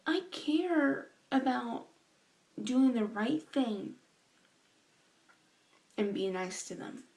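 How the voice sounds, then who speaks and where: A young woman talking earnestly to her camera in a vlog, slow and emotional, halting with sighs and restarts. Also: on the high side, animated, a little mellow, poor audio. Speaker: vlogger.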